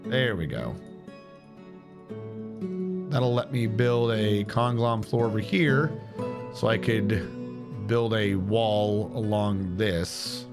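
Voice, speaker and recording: Casting: low-voiced male streamer, chatty and relaxed, thinks aloud over plucked guitar music. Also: takes it slowly, pauses often. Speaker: streamer playing a building game. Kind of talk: casual gameplay commentary. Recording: game stream with music behind.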